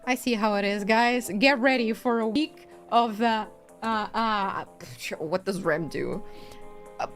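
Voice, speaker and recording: A woman's voice: a little high, measured pace, soft background music. A woman streamer chatting casually with her viewers, playful, laughing often and swearing now and then.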